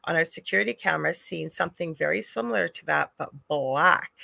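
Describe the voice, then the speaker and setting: A middle-aged woman co-hosting a live chat, telling a ghost story in an animated way. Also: sits low, fairly quick, creaky, dry recording. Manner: animated storyteller, acts out quoted voices. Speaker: co-host, psychic medium.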